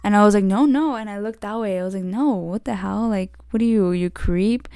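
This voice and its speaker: A woman's voice: medium pitch, steady tone, brisk, warm tone, clean tone, no room sound. A young woman hosting her podcast, telling a story in a rambling casual way, full of "like" and frequent restarts. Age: young adult. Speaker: podcast host.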